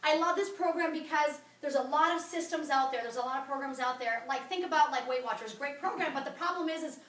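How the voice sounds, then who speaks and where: A woman giving an energetic, blunt wellness talk to a group in a meeting room. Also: high-pitched, fast talker. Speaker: wellness coach presenter. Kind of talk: sales presentation to a group. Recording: roomy, from far off.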